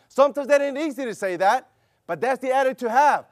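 A man's voice: extremely high pitch, brisk, no room sound, clean studio sound. A middle-aged man preaching a sermon with a fervent, repetitive cadence and rhetorical questions, mixing exhortation with a personal story. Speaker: pastor.

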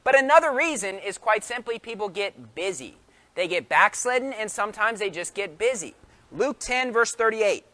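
A man's voice: sits high, very animated, normal speed, sharp tone. A man preaching a sermon in an emphatic way, full of rhetorical questions.

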